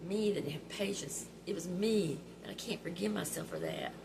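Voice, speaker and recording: A woman's voice: fairly low pitch, very animated, normal speed, vocal fry. A middle-aged woman, telling heartfelt stories to her viewers in a chatty, emotional way. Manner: heartfelt and chatty, often laughing through tears. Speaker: vlog host. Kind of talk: personal storytelling. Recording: background noise.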